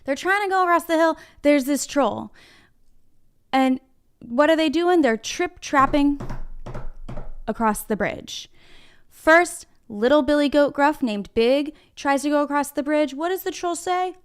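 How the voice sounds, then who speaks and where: A woman's voice: high voice, unhurried. A woman teaching a reading lesson to young children from her classroom, speaking encouragingly and directly to them. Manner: encouraging, talks straight to the children. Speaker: kindergarten teacher.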